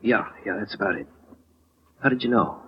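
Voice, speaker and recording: A man's voice: fairly low pitch, lively intonation, breathy edge. An actor playing a scrappy, touchy working man. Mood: sheepish. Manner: streetwise, wisecracking, quick to argue. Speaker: insurance clerk. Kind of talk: 1940s radio acting. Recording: dull lo-fi old radio recording.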